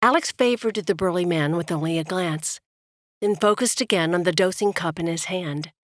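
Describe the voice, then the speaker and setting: Low-voiced woman narrating an audiobook. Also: moderate pace, no echo, clean studio sound.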